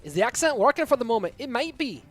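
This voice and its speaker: A man doing a put-on Scottish accent while casting an esports match live, excitable and teasing. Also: very high-pitched, fast talker, soft background music, voice pushed up, exaggerated voice. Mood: playful. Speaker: esports caster.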